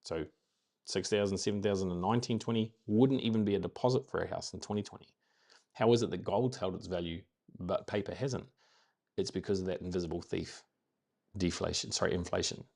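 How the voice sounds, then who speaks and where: A New Zealand man with a low voice hosts a daily live stream, speaking fairly quickly with fairly even intonation, vocal fry, and a slightly mellow quality. His casual motivational talk is upbeat and rambling, and he keeps repeating his key phrases. He has a New Zealand accent.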